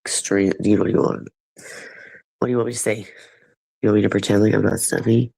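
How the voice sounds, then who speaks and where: A low, gravelly man rambles through a casual livestream chat with his viewers. He sounds stuffed up in the nose, and his sardonic talk is full of swearing. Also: fairly even intonation, fast, pauses often, dark tone, rough recording.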